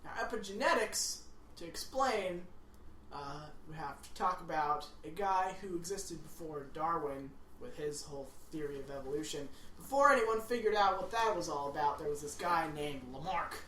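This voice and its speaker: A woman's voice: sits low, moderate pace, a bit bright, far from the mic, slight background noise. Giggly woman in an echoey room. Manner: giggly, breaks into singing. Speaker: podcast co-host. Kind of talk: casual chat.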